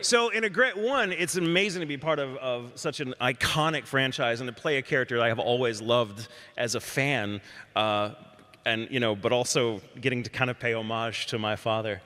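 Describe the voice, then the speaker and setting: A man's voice: medium pitch, normal speed, pushed and bright, in a large hall. A voice actor from Texas telling a candid, chatty story on a panel and laughing as he talks.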